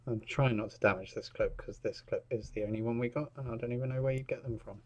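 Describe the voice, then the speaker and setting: A man's voice: medium pitch, fairly even intonation, quick pace, darkish tone. A man narrating his repair work in a workshop, chatty and commenting as he works. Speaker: repair technician. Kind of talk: narrating a repair while working.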